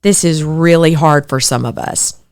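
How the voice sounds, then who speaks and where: A woman's voice: sits low, a little slow. A middle-aged woman hosts a podcast, talking in an earnest, reflective way. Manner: earnest, reflective, animated when quoting others. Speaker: podcast host. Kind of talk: personal podcast monologue.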